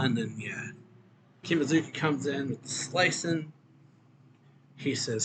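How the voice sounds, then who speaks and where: A man's voice: medium pitch, moderate pace, long pauses, a bit bright, slight background noise. A man giving a loose, casual recap of a comic chapter, full of fillers, who lifts his voice when he reads out the characters' lines. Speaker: manga reviewer. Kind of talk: casual recap reading out manga dialogue.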